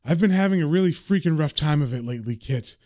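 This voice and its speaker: A man voicing a weary, wry man from a comic, muttering low, reflective asides. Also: animated, quick pace, warm tone, no room sound, studio quality, close to an everyday voice. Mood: confiding.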